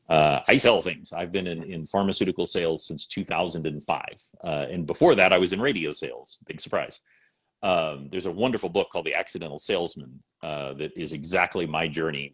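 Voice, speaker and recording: A middle-aged man and voice actor chatting in an interview, animated and rambling with lots of fillers. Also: sits low, slightly rough. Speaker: voice actor and salesman. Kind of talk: casual interview chat.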